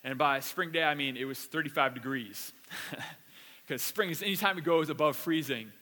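A man's voice: on the high side, moderate pace, sharp tone, in a large hall. A man preaching a conversational sermon. He tells stories casually and animatedly, repeating words as he goes. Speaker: pastor. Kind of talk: conversational sermon with personal story.

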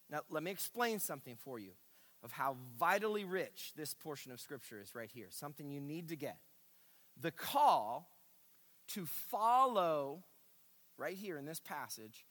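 High-voiced, emphatic preaching man. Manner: emphatic preaching, swinging between loud bursts and hushed asides. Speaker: pastor. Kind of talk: sermon. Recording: reverberant hall.

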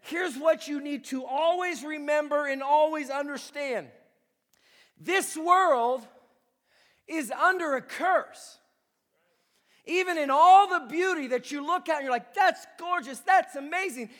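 A man's voice: very high voice, slow, a bit bright. A man preaching a sermon as a pastor, speaking with impassioned emphasis. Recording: long reverb of a large hall.

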